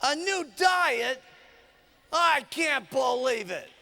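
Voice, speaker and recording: A man voicing a crude, grumpy, beer-drinking mechanic husband who shouts in mocking outrage. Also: very high-pitched, lively intonation, slow, voice pushed up, full character voice. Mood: outraged. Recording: live hall recording with long reverb.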